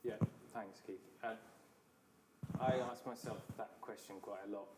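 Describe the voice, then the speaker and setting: A man, an architect with a British accent, answering audience questions in a thoughtful, measured way with some hesitations. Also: fairly low pitch, steady tone, crowd noise. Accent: British English. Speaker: city architect, guest speaker.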